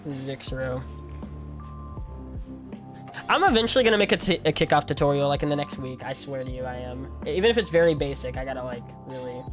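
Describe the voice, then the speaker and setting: A man's voice: mid-range voice, animated, brisk, pauses often, over music. A tired man in his twenties streaming, chatting casually in a rambling, self-mocking way and laughing often. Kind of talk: casual livestream chat while gaming.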